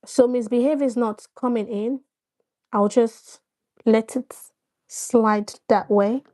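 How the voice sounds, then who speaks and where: A woman's voice: fairly high pitch, fairly even intonation, takes it slowly, warm tone. A woman hosting a casual live stream, addressing her viewers directly, coaxing them to respond and often repeating herself.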